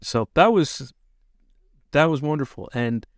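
A middle-aged man co-hosting a casual chat, relaxed and chiming in to support his wife's stories. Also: a little high, measured pace, no echo, studio quality. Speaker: co-host.

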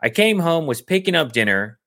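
A man's voice: fairly high pitch, big pitch swings, brisk, fairly bright tone. A man co-hosting a podcast, telling stories in a loose, rambling way full of "like" and restarts. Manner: rambling storyteller, many fillers. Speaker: podcast co-host. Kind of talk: casual podcast chat.

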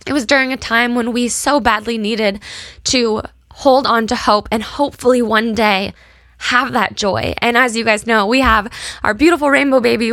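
A young American woman shares a personal story with her audience, sincere and visibly moved, on the edge of tears. Her voice is bright and forward. The recording is close and dry, with no room sound at all. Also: fairly high pitch, no room sound. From United States. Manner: earnest, emotional, talks to viewers directly. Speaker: small brand founder.

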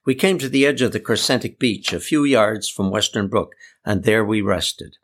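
A man reading a first-person story aloud in a calm, descriptive way. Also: fairly low pitch, moderate pace. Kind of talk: scripted first-person narration.

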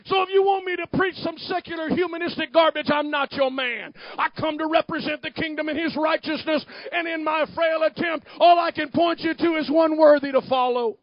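A male pastor preaches a fiery sermon in a very high voice. He swings from quiet, close asides to shouted declarations. The sound is dry and a little dull. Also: fairly even intonation, fairly quick, few pauses, no echo.

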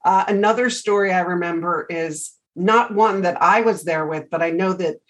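A middle-aged woman hosting an interview podcast, telling animated stories in a chatty, casual way. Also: fairly low pitch, moderate pace, poor audio. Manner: chatty storyteller, animated anecdotes. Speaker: podcast host.

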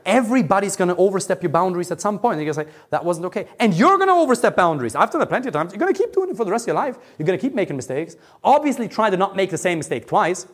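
A man giving an emphatic live talk to a small audience as a dating coach, swinging between loud passion and calm asides. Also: a little high.

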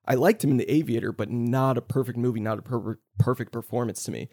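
Guy hosting a movie podcast, chatty and animated, swears a lot. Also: mid-range voice. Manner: animated, swearing, quick asides. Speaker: podcast host. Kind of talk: casual movie review chat.

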